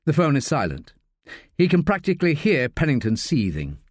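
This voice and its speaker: A male audiobook narrator with a fairly high voice that moves expressively through a wide range. He tells the story in a measured way. The sound is close and dry. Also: wildly swooping pitch, dry recording.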